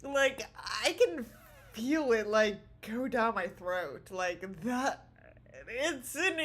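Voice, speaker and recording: Giggly woman streaming from her room, slow drawn-out talk, pitch all over. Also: expressive, a bit bright. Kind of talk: casual livestream chat. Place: small home room.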